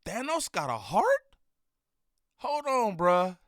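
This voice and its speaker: Reaction streamer, male, lively swooping delivery, bright tone, dry mic, laughs a lot. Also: high-pitched, moderate pace, no echo. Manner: animated, laughing, slangy, mimics people. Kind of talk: reaction commentary on clips.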